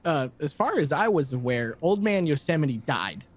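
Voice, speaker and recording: A man's voice: on the high side, sing-song, moderate pace, a little hiss or hum. A man narrating as game master in an easygoing, casual way, with fillers along the way.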